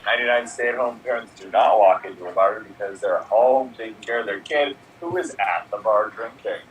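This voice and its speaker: A man's voice: on the low side, normal speed, a crowd in the background. A man telling improvised jokes with a hesitant start and a dry delivery, heard through a dull, distant mic. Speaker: improv player.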